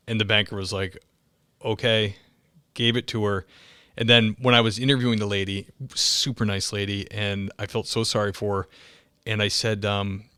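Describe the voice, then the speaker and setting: Lower-voiced man telling stories, dry sound. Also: no room sound. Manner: animated storyteller, acts out quotes. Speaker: podcast host, police officer. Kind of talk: casual podcast conversation.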